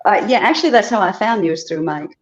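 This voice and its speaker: A woman's voice: mid-range voice, lively intonation, quick pace, highs cut off. A woman from Chicago calling in to a show, telling a story chattily with laughing asides. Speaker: caller. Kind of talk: casual storytelling on a call-in.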